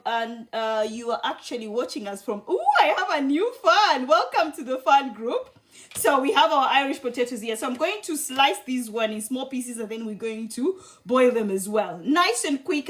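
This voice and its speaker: Chatty high-voiced woman cooking live. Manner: chatty and affectionate, greets viewers by name. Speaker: cooking livestream host. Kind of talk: live cooking demo with viewer chat.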